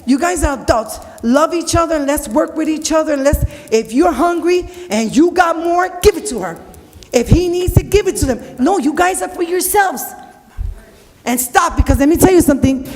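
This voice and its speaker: A woman's voice: high voice, a little mellow. A woman speaking during public comment at a city council meeting, blunt, emotional and profane. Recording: long reverb of a council hall.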